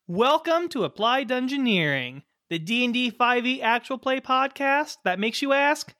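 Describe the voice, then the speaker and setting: An upbeat man emceeing a tabletop podcast intro, his pitch jumping around in a bright tone. The sound is dry and close, and he laughs easily between lines. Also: big pitch swings, normal speed, few pauses, no echo. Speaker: host and dungeon master.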